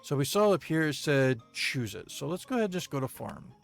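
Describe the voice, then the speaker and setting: A man giving casual gameplay commentary, reading viewer comments aloud in a halting way with many ums and uhs and the odd chuckle. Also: on the high side, sing-song, creaky, soft background music. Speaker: gaming video creator.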